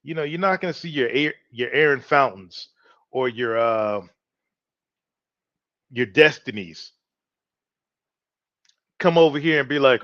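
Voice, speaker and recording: A man's voice: mid-range voice, measured pace, long pauses, fairly bright tone, no echo. A man hosting an opinion show, talking loosely and with swagger straight to his listeners. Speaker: podcast host. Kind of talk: casual opinion talk. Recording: dry, dull lo-fi home mic.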